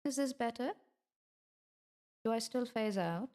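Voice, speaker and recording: A woman's voice: fairly high pitch, expressive, unhurried, a little mellow. A woman streamer chatting in character with viewers at her debut, theatrical and affectionate, calling them darling. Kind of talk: in-character livestream debut chat.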